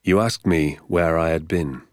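A gentle, soft-spoken father, voiced by a man reading a storybook, talks in a hushed, measured way. His voice sits very low and moves slowly, heard close and dry. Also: no echo.

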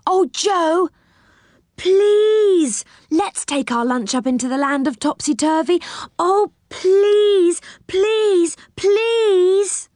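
Woman playing an eager, squeaky young boy. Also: very slow, darkish tone, no echo, heavily acted. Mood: pleading. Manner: pleading, eager.

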